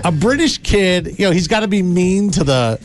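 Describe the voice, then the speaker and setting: A man's voice: high-pitched, expressive, moderate pace, soft background music. A man co-hosting a casual chat, joking and trying out mock voices.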